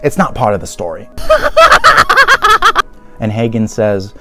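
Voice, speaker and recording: A man's voice: lowish voice, fairly quick, loud music behind the voice. A man giving a sarcastic, exasperated commentary rant, laughing often as he goes. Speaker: YouTuber. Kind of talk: ranting commentary.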